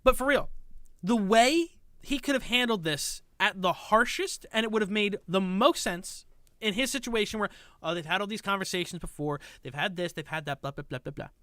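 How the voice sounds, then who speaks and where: Sarcastic lady streamer ranting at a clip, bright crisp voice, dry room. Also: medium pitch, lively intonation, normal speed, no room sound. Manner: sarcastic, exasperated, mocking. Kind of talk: casual reaction commentary.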